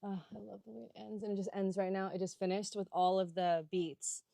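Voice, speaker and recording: A woman's voice: mid-range voice, little pitch movement, a little fast, vocal fry, dark tone, dry recording. A young adult woman leading a live yoga sculpt workout, chatting and gushing between cues with lots of "like". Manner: rambling, gushing, heavy use of "like".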